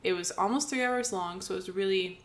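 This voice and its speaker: A woman's voice: medium pitch, brisk. A woman co-hosting a podcast, chatting casually, laughing often and saying like a lot. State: talking with mouth full. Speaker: podcast co-host.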